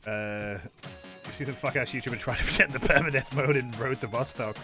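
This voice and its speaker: A man's voice: mid-range voice, fairly quick, over music. A man streaming a game, rambling and joking, swearing a lot and mumbling asides. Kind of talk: casual gameplay commentary.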